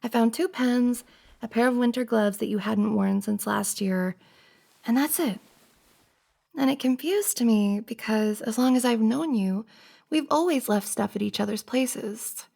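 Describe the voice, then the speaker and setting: A woman's voice: a little high, a little slow, vocal fry. Woman as a pleading best friend, whispered role-play. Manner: soft, pleading, earnest, hesitant. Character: flustered best friend confessing feelings. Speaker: ASMR roleplay performer.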